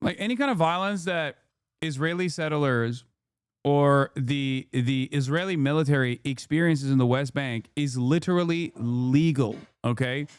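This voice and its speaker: A man's voice: on the high side, clean tone, dry recording, clean studio sound. A man hosting a political commentary stream, talking heatedly and emphatically, swearing often and repeating his points. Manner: heated, profane, emphatic and repetitive. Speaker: streamer host.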